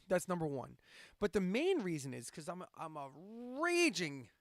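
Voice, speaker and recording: Ranting high-voiced streamer man. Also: very animated, normal speed, no room sound, studio quality. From central Pennsylvania. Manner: ranting, profane, sarcastic. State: insomniac, drinking coffee late at night. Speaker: live-stream host and radio DJ. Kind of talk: casual chat.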